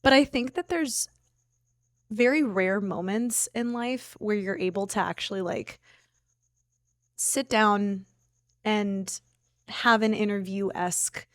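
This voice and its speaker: A woman hosting a podcast in casual chat with a friend in an apartment, animated in bursts and then trailing off softly. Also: medium pitch, slow, pauses often, no echo, studio quality. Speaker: podcast host.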